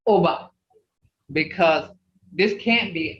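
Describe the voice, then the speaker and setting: Folksy teacher drilling words over a zoom class, slow and repeating, far from the mic in an echoey room. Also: medium pitch. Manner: repeats native words slowly to drill sounds; folksy, plain-spoken, addresses class as "y'all" and "people". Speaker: language teacher. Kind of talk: online language class, pronunciation drill. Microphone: video call. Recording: distant, roomy, dull video-call audio with faint hiss.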